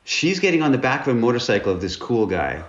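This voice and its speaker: A man's voice: medium pitch, sing-song, fast talker. A man, a guest author, telling stories candidly and earnestly in an interview. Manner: earnest, candid, with repeated words. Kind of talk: conversational interview storytelling. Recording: roomy, dull-sounding recording.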